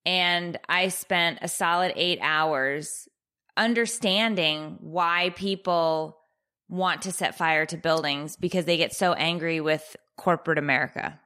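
A woman co-hosting a podcast, telling an exasperating story in a casual, profane, deadpan-sarcastic way. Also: fairly low pitch, unhurried. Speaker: podcast co-host.

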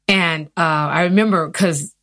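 Interview guest, woman in her fifties, low-pitched and earnest, acting out the people she quotes. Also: a little slow, dry recording, studio quality. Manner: earnest, animated retelling with acted quotes. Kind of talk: personal storytelling.

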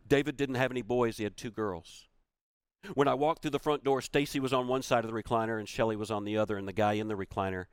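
A man's voice: lowish voice, smooth, no room sound, studio quality. A man giving a motivational keynote. He tells a personal story with emphasis and repeats key phrases for weight. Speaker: motivational speaker.

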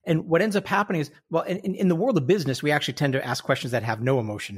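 A man with a fairly high voice talks as a podcast guest. He explains eagerly, restarting his sentences as the ideas come. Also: quick pace, hardly any pauses, slightly rough. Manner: explanatory, lively, many restarts. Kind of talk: casual conversation.

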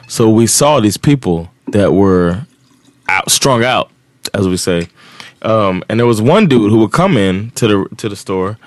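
A man's voice: fairly low pitch, dry recording. A man from Miami in his forties, a podcast co-host telling a story in a loose, profane way with frequent laughs. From Miami, USA. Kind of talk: casual storytelling.

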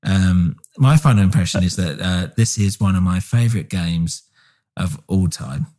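A man's voice: deep voice, moderate pace. A man co-hosting a podcast, chatting casually and enthusiastically with lots of fillers. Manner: relaxed, filler-heavy, enthusiastic. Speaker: podcast co-host. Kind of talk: casual chat.

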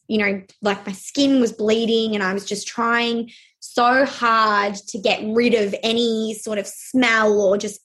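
Halting higher-voiced young woman. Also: fairly bright tone. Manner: halting, with many fillers and restarts. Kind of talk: personal storytelling.

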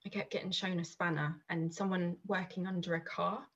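A woman's voice: lowish voice, little pitch movement, a little fast, husky, dull audio. A woman, chatting casually as a podcast guest, rambling with many restarts and fillers. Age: 30s.

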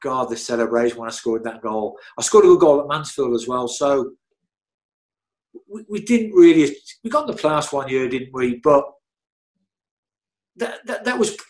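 A former footballer and physio telling stories in an animated, chatty way, repeating himself and laughing often. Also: male voice, medium pitch, normal speed, pauses often. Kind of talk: casual storytelling interview.

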